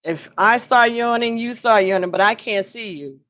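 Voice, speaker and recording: A woman's voice: a little high, normal speed, fairly bright tone, highs cut off. A tired woman casually reading tarot cards on a live stream, chatting with viewers by name and laughing often. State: tired, yawning.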